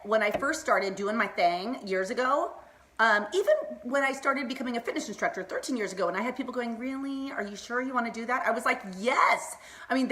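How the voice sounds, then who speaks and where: A woman in her thirties giving an excitable, casual pep talk on a live stream, laughing often and greeting viewers by name. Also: a little high. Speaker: motivational vlogger hosting a live stream.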